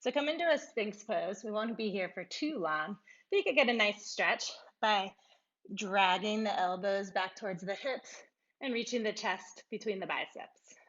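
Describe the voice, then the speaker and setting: A woman teaching a yoga class, cueing poses in short calm phrases, a little out of breath and laughing at herself now and then. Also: mid-range voice, moderate pace, lo-fi sound. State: slightly out of breath. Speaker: yoga instructor. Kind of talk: guided yoga class instruction.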